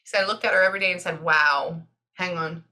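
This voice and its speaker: A Texan woman giving a medium's reading in an animated, chatty way, often pausing to listen. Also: fairly low pitch. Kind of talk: casual spoken reading session.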